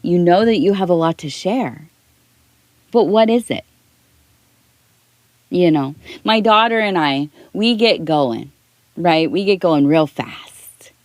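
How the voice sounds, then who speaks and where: Woman, middle-aged, soft-spoken ASMR tea leaf reading, rambling, lowish voice, dry close recording. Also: animated, takes it slowly, long pauses, dry recording. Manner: rambling, talks in circles with restarts.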